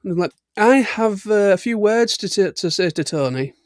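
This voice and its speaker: High-voiced British man chatting casually. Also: animated, normal speed, no echo, clean studio sound. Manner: chatty storytelling with laughs and restarts. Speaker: livestream host. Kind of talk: casual chat.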